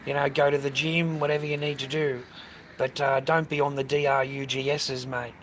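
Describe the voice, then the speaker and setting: A man's voice: mid-range voice, little pitch movement, normal speed. An Australian man live-streaming outdoors, chatting in a rambling way, swearing freely and calling everyone "mate". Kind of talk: casual live-stream chat. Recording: noisy outdoor traffic.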